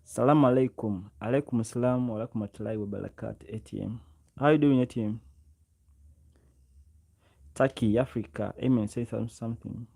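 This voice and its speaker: A man's voice: medium pitch, fairly even intonation, moderate pace, vocal fry, pauses often, mellow. A man from Uganda, hosting a casual livestream on his own microphone, greeting viewers by name and often repeating his words. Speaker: livestream host. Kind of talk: casual live chat with viewers. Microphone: own microphone, close.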